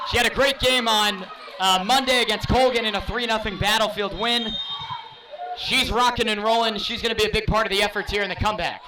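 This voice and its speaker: Male play-by-play caller, high voice, fast raised calls, voice wearing thin; mic far off, noisy crowd behind. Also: fairly even intonation. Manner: rapid, raised play-by-play calling. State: losing his voice. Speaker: play-by-play announcer. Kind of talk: live sports commentary. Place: school gym broadcast booth. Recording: distant mic, loud crowd noise. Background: loud cheering crowd.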